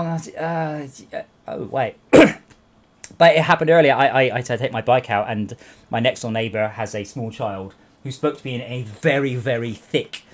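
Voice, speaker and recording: A man from England hosting a game livestream, teasing his friends and rambling through anecdotes in casual chat. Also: medium pitch.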